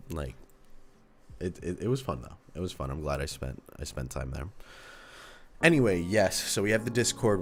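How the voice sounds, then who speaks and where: A man chatting casually on a journaling livestream, relaxed and rambling, thanking viewers as he goes. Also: low voice. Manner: relaxed, rambling, reads out chat. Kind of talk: casual stream chat. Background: lofi music.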